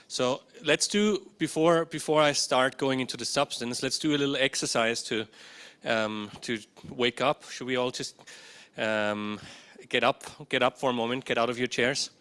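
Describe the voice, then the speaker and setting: Presenting a workshop session at a conference, a man speaks indoors into a handheld or stand mic at a moderate pace, his medium-pitched voice fairly bright and clean. His delivery is hesitant and full of fillers, and he often checks in with listeners.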